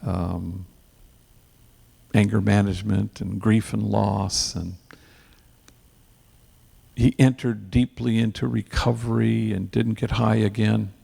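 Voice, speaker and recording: A priest tells an earnest story at an event, his man's voice deeply gravelly and full of fry. He sprinkles Spanish slang through his telling, and a long hall reverb trails behind every phrase. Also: a little mellow.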